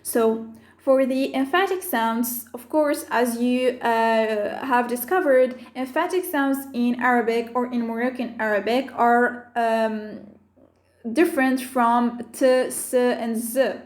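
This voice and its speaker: Female language teacher, high voice, careful measured delivery, roomy echo. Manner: slow, careful listing of sounds and terms. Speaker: Arabic teacher. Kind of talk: explaining phonetics with slides.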